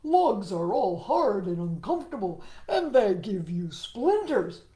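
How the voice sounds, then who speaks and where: A woman's voice: mid-range voice, sing-song, a little slow, dark tone, voice pushed down. A woman reading as a fussy little frog. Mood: complaining. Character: reluctant little male frog, complaining.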